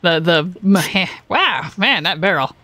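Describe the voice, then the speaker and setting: Laid-back woman with a low voice. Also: expressive, unhurried, bright, forceful tone, dry recording. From US West Coast. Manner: laid-back, jokey, reads game lines in goofy voices. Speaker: co-host. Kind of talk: casual let's-play chat.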